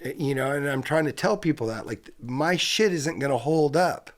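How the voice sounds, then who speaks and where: A man's voice: mid-range voice, normal speed. A middle-aged man from California, a guest skateboarder, telling rambling, profane stories in a casual interview. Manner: profane, rambling, animated storyteller.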